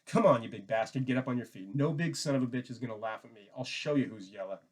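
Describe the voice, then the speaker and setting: A man's voice: mid-range voice, racing, natural voice. A man putting on a small, hot-headed young ranch boss's son who snarls and picks fights, his voice raised and hard. He sounds belligerent and spoiling for a brawl in this read-aloud novel. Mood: enraged.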